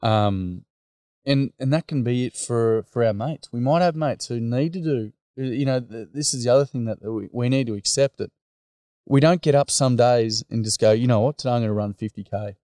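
A warm, mid-range male voice with an Australian accent comes through at a normal pace, studio-clean and echo-free. He's a workshop facilitator being interviewed, blokey and straightforward, performing quotes while telling his stories.

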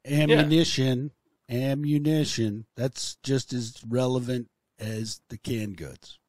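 A man co-hosting a podcast, chatting casually, ribbing the others and giggling, with some halting restarts. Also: mid-range voice, darkish tone, no echo. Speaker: podcast co-host.

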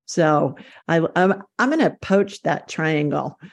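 A woman's voice: sits low, expressive, takes it slowly, creaky. A woman hosting an interview, chatting casually and enthusiastically. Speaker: host.

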